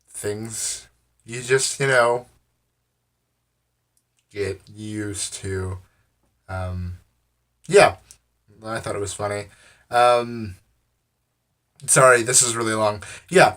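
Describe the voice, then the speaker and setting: Speaking in a medium-pitched, slightly bright voice, an American man tells a casual, rambling story to camera. His manner is wry and amused, and his speech is loaded with fillers and "I'm like."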